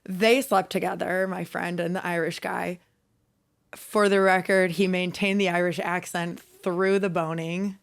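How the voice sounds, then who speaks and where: A woman's voice: on the low side, flat delivery, a little slow, gravelly, clear, resonant tone. A woman co-hosting a podcast, telling dating stories in a casual chat, laughing often and swearing a lot. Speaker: podcast co-host.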